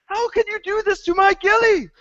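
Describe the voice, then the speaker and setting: A man putting on a high, wailing voice as a heartbroken young man, outraged and upset. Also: steady tone, moderate pace, pushed and bright, no room sound. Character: distraught young man, a fan's lover. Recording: dull lo-fi podcast audio.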